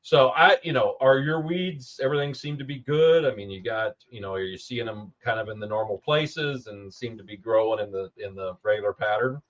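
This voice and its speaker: A male interviewer with a low voice who banters and asks rambling questions. His audio sounds dull and lo-fi, like a remote call. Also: a little fast, few pauses. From the American South. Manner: joking, loose, fond of fillers like "you know". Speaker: podcast host. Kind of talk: casual interview chat.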